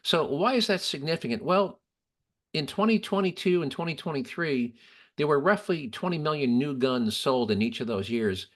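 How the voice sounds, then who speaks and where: A man's voice: fairly high pitch, expressive, moderate pace, a bit bright. Opinionated man hosting a podcast. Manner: opinionated, argues with statistics. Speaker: podcast host. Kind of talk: casual political chat.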